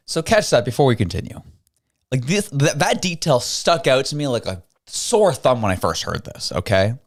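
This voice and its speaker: Male commentary host, incredulous and emphatic, voice swings up and down widely, mid pitch. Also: very animated, moderate pace. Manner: incredulous, emphatic, repeats words for stress. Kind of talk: reacting to a clip, commentary.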